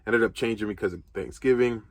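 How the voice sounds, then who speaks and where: A young man telling a painful family story in a casual, halting way, full of fillers and restarts. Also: fairly low pitch, fairly even intonation, no echo. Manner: casual, halting, filler-heavy, choked with emotion. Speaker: vlog co-host. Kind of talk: emotional storytelling.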